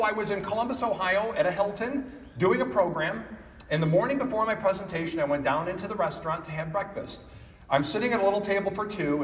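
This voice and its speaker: A man with a fairly high voice tells stories during a motivational keynote and keeps putting questions to the crowd. The sound comes from a distant mic in a large hall with a long reverb tail. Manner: animated storytelling, addressing the audience directly. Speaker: keynote speaker. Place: conference hall. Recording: echoey hall picked up from a distance.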